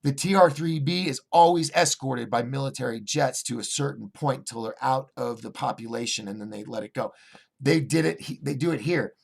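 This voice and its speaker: A man hosting a casual livestream, reading viewer chat aloud and rambling through restarts and fillers, swinging between excited bursts and low asides. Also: normal speed, vocal fry. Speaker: host of a call-in livestream show.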